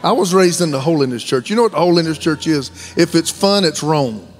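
A man in his fifties with a Southern American accent, a guest pastor preaching a sermon in a folksy, joking way that rises to shouted fervor. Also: on the high side, expressive, fairly quick, slight background noise. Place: large church sanctuary.

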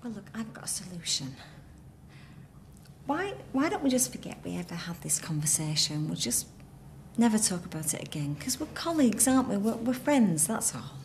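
A woman's voice: on the high side, sing-song, brisk, hardly any pauses, warm tone, reverberant, slight background noise. An actress playing a married woman who firmly turns down a colleague's advances, in a television soap. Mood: hushed.

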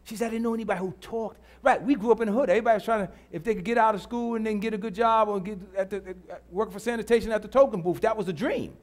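A middle-aged pastor preaches a church sermon in a high voice, racing along with almost no pauses. He repeats his lines and calls out to the congregation.

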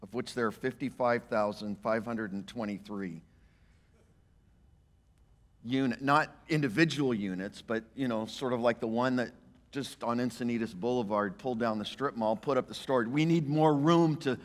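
A man's voice: medium pitch, normal speed. Preaching man in an echoing church. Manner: emphatic, animated preaching with rising voiced quotes. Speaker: pastor. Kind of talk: sermon. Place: church sanctuary. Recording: church hall reverb.

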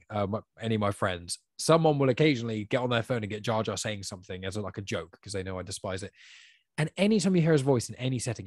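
A man chatting casually on a podcast, giving strong opinions with quick bursts of speech. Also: mid-range voice, dry recording, clean studio sound. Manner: opinionated, spurts of fast talk. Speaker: podcast guest.

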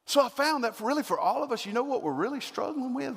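A man's voice: very high voice, big pitch swings, fast talker, vocal fry, few pauses, a bit bright, slightly rough, long reverb tail. A man preaching a sermon as pastor, building to emphatic repeated questions. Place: church sanctuary.

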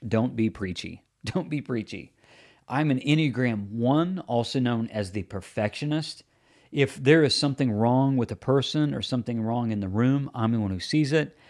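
A man's voice: medium pitch, moderate pace, darkish tone. Earnest man giving practical advice. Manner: earnest, plain-spoken, practical advice with mock examples. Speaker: podcast host. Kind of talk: solo podcast teaching.

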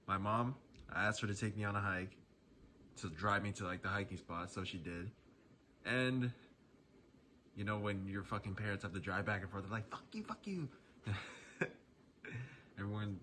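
Young man, casual storytime, forceful bright voice, fairly low, loose and profane, chuckles a lot. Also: steady tone, moderate pace, long pauses, a little hiss or hum. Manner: laid-back, profane, chuckling often.

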